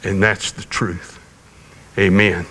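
A man preaching a sermon, telling a personal story in a folksy, gently humorous way. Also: low voice, flat delivery, takes it slowly, husky. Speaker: pastor.

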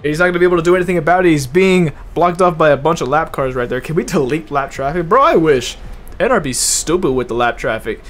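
A young man giving live commentary on an online racing league while driving in it himself, casual and profane, loud and excited at big moments. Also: on the high side, fast. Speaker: race commentator and streamer. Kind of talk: live esports race commentary.

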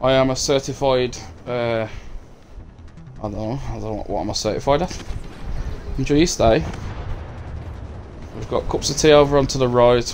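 A man's voice: mid-range voice, a little mellow, slight background noise. A man streaming a game live, swearing freely, bantering and taunting his opponents. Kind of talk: live gameplay commentary.

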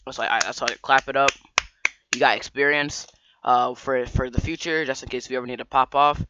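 A male vlogger rambles through a story, filling it with slang and repeated restarts. His voice is bright and clean, with a sharp edge. The recording sounds dry and a little dull, like lo-fi audio. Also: medium pitch, steady tone, a little fast, clear, resonant tone, no echo. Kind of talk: casual storytime vlog.

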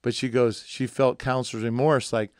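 A man's voice: mid-range voice, flat delivery, normal speed, no room sound, studio quality. A pastor talking in a rambling, joking way on a conversation podcast, acting out the people he quotes. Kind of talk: casual conversation. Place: studio.

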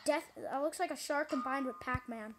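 Over loud game music, a young woman who makes gaming videos comments on her gameplay at a moderate pace. Her high-pitched voice sounds frustrated and exclamatory as she talks to viewers, and the recording is rough.

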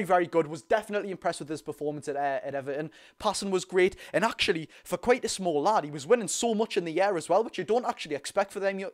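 A young man with a strong Geordie accent talks straight to his viewers during a live football stream. He is animated and chatty, and he curses now and then in an offhand way. His voice sits a little high for a man. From North East England. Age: young adult. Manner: animated, chatty, swears casually, addresses viewers directly. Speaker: football fan YouTuber hosting a live watchalong. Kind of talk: casual live-stream chat.

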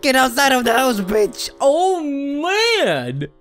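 A woman giving gameplay commentary, excitable, shrieking and swearing often. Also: sits high, takes it slowly, faint music behind. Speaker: let's play gamer.

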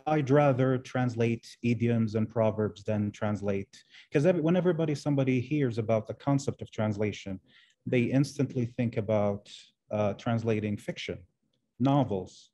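A man whose first language is Arabic talks as a guest professor in an interview over a video call. His tone is mellow and warm, and he pauses and repeats words while he builds careful, thoughtful answers. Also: mid-range voice. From Arab world. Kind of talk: interview conversation.

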